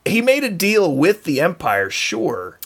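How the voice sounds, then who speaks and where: Brief: podcast co-host, male, slow-talking, wildly swooping pitch, jokey and laughing. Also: wildly swooping pitch, breathy edge. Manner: laughs often, joking. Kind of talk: casual chat.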